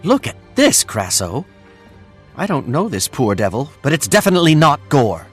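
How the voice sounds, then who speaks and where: A man voicing an eager small male asura warrior in a video game, speaking in a lively way. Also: on the high side, moderate pace, faint music behind.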